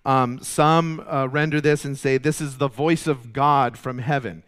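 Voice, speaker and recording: A man's voice: mid-range voice, fairly even intonation, a little slow, fairly bright tone, clear, resonant tone. A man preaching a sermon with emphatic delivery, often repeating words as he builds a point. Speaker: pastor.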